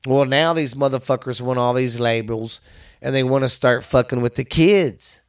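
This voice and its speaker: A man with a mid-range voice, ranting in a blunt, profane, conversational way. He hosts a casual talk show, full of swearing and quick asides. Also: medium pitch.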